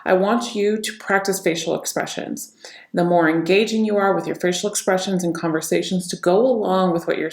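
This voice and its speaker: A woman's voice: on the low side, creaky, a little mellow, reverberant. A woman coaching her viewers on facial expressions and tone of voice, talking straight to them in an instructional video. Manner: demonstrates emotions by repeating one line in many tones. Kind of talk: instructional talk to camera.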